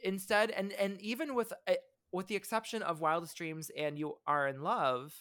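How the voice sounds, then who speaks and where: A man's voice: sits high, steady tone, normal speed, pushed and bright. A man co-hosting a casual pop culture podcast, rambling with frequent restarts as he gives passionate fan opinions. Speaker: podcast co-host.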